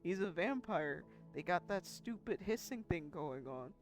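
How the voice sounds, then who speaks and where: A woman's voice: lowish voice, animated, measured pace, soft background music. A woman running a tabletop game as dungeon master, narrating in a casual, chatty way and swearing freely.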